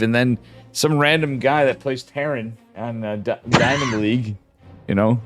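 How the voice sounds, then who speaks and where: A man's voice: medium pitch, fairly even intonation, moderate pace, soft background music. A tipsy man hosting a game stream, rambling through casual banter with lots of swearing. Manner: rambling, swearing, laughing often.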